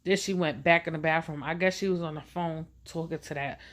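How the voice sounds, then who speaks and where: A woman casually telling a personal story in a chatty, animated way, acting out what other people said. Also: sits low, brisk.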